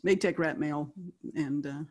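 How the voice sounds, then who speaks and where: A woman's voice: deep voice, normal speed, a little mellow. An older woman, a guest writer, telling anecdotes in a chatty way, often laughing as she talks. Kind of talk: anecdotal storytelling.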